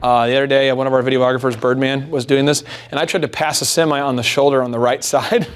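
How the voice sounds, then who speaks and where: A man hosting a business workshop, giving an animated motivational sales lecture to a live audience, peppered with rhetorical questions and self-deprecating jokes. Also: mid-range voice, quick pace.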